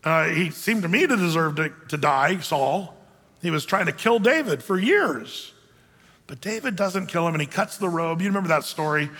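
A man's voice: on the high side, normal speed. A man preaching a sermon in a loose, conversational way, acting out the people he quotes. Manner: conversational, animated, acts out quoted voices. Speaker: pastor. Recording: long reverb of a large hall.

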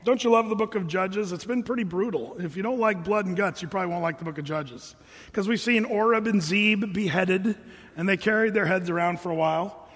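Man, pastor, casual sermon, high voice, husky, echo of a big hall. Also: fairly quick. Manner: casual, animated storytelling with voiced quotes. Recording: reverberant hall.

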